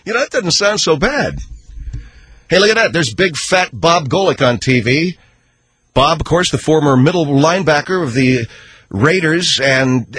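Radio comedy host guy, slightly high voice, swings his pitch around a lot, studio mic. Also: fairly bright tone. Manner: defensive, wisecracking. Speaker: radio talk show host.

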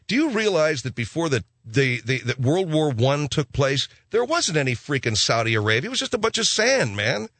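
A man's voice: a little high, very animated, moderate pace, few pauses, a bit bright, no room sound. Slangy, rambling radio host man. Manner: rambling, hip slang-laden riffing. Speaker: radio talk show host. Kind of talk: comedic talk radio rant.

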